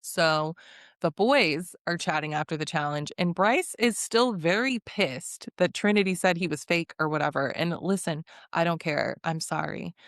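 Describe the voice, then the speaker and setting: A young woman talks through a reality show in a loose, gossipy vlog style. She laughs often and acts out the cast's lines. Her voice sits a little low and sounds dry and close to the mic. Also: normal speed, no echo. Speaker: reality TV recapper. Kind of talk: casual recap vlog.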